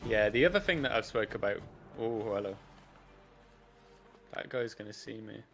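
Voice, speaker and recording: A man with a Birmingham accent chats and swears casually while streaming a game. His voice is bright and tense, and his pitch swings up and down freely. He reacts to the action on screen between bits of banter. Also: animated, moderate pace, gravelly, faint music behind. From England.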